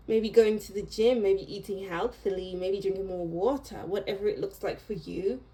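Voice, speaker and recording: A woman giving a tarot reading to her viewers, talking in a slow, reflective and gently encouraging way, pausing and restarting her thoughts. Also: mid-range voice, poor audio. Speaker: tarot reader. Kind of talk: unscripted tarot reading monologue.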